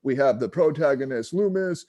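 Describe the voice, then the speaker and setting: A man's voice: medium pitch, animated, moderate pace, warm tone. A man co-hosting a film podcast, chatting casually, laughing often and checking in with "right?". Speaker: podcast co-host.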